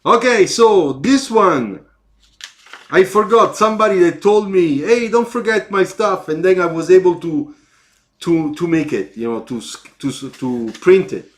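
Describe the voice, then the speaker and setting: A man with an Italian accent critiques sketches live and takes his time over each word, stopping and restarting as he thinks. His voice sits a little high for a man, and he encourages as he corrects. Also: expressive. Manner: slow, halting, encouraging teacher. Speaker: car designer giving sketch feedback.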